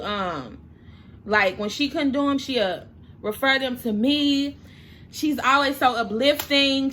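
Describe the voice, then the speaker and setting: A young makeup vlogger chats casually through a storytime while doing her makeup. Her high voice sounds pushed and bright, and she gets emotional, at times close to tears.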